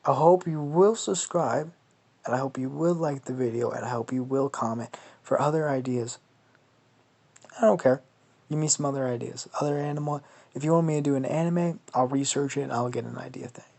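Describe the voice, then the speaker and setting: A man's voice: medium pitch, fairly quick, gravelly, darkish tone. A man casually making up a story as he goes, rambling and swearing, with lots of restarts. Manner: rambling and profane, with many restarts and laughs. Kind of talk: casual improvised fan storytelling.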